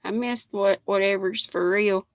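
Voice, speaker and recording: A woman's voice: medium pitch, fairly even intonation, unhurried, dry recording. An older woman with a Southern US accent hosting a casual live stream, chatting folksily and greeting viewers by name as she answers their comments. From North Carolina.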